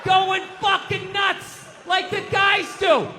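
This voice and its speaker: A man doing a profane, shouting stand-up comedy rant at a live show. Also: very high-pitched, steady tone, slow, crowd noise. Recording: live show with audience noise.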